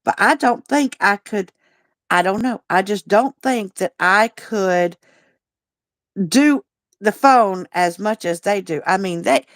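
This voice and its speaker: A woman's voice: medium pitch, takes it slowly, dry recording, studio quality. A woman hosting a casual livestream, talking in a chatty, folksy way and greeting viewers by name. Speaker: livestream host.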